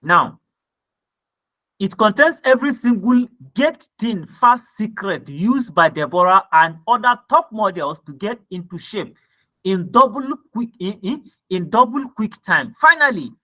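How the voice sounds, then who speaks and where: Nigerian guy walking through ad copy, bright lively voice, keeps asking "right?". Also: high-pitched, a little slow. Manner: reads quoted copy aloud, then explains it with frequent "right?" and "okay?". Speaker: copywriting teacher. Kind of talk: screen-share lesson reviewing ad copy.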